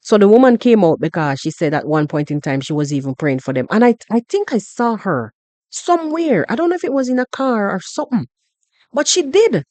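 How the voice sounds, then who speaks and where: A Jamaican woman hosting a podcast, talking through a story in an animated, repetitive way and often asking "you understand?". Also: mid-range voice, fairly quick, no echo. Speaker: podcast host. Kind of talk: casual commentary monologue.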